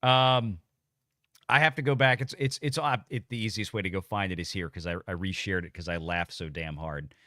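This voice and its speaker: A man's voice: deep voice, normal speed, bright, forceful tone, no echo, studio quality. A man hosting a live political talk stream, chatting casually with many restarts and easy laughs. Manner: rambling, frequent restarts, laughs easily.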